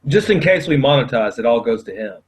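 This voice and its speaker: A man's voice: mid-range voice, big pitch swings, fairly quick, breathy edge, low-quality recording. A man guesting on a podcast in casual chat, full of profane, teasing banter.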